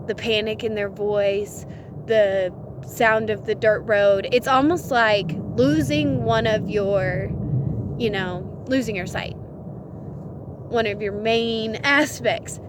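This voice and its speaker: A woman's voice: medium pitch, noisy background. A woman giving relationship advice in a casual vlog, earnest and laughing often between phrases. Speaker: vlogger.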